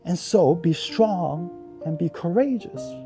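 A man preaching a sermon, animated and earnest, acting out the people's worried questions to God. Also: sits high, slow, over music. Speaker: pastor.

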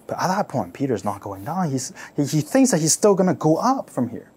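A man preaching a sermon, retelling a story with dramatic force and repeating his phrases for emphasis. He asks his listeners to imagine the scene and swings between loud, urgent bursts and hushed near-whispers. His voice is fairly high with a husky grain. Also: big pitch swings, fairly quick.

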